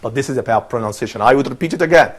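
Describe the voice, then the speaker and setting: A man with a medium-pitched, slightly rough voice talks very fast while presenting a TV lesson as an Arabic teacher on a panel. He patiently explains letters step by step and repeats sounds for others to copy, teaching pronunciation.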